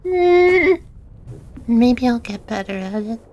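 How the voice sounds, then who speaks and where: A woman's voice: mid-range voice, expressive, moderate pace, muffled recording. A woman casually playing a tabletop game, giggly and rambling.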